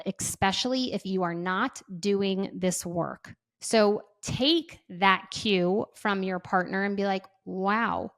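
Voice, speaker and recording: A woman in her thirties hosting a casual advice podcast, chatty and quick to act out little bits of dialogue. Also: medium pitch. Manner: chatty, says "like" often, acts out dialogue. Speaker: podcast host.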